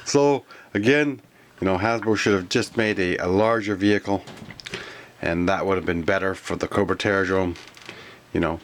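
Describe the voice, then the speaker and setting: A man from Canada chatting casually in a toy collector vlog, rambling and grumbling, sometimes whispering names in a drawn-out way. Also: sits low. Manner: rambling and complaining, with stretched-out whispered echoes of names. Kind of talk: casual toy review chat.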